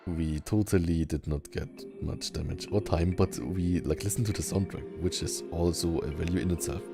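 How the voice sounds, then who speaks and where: A man doing casual gameplay commentary with self-deprecating, apologetic asides, over loud game music. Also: deep voice, steady tone, moderate pace, vocal fry. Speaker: let's play gamer. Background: loud video game music.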